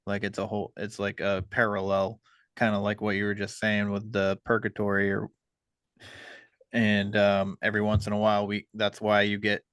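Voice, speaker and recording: A man hosting a podcast, talking casually and hesitantly with many pauses. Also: on the low side, monotone, a bit bright, clear, resonant tone, no room sound. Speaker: podcast host.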